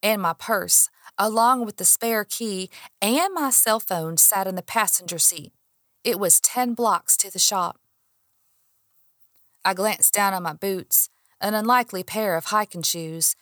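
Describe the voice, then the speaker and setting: A woman reading a first-person audiobook in an expressive way, acting out her own heated lines. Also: medium pitch, no echo, studio quality. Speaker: audiobook narrator.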